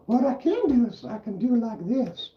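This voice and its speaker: A man's voice: very high-pitched, sing-song, normal speed, reverberant, highs cut off, voice pushed up. A man putting on a folksy Cajun accent, drawling homespun instructions during his livestream. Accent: attempted Cajun.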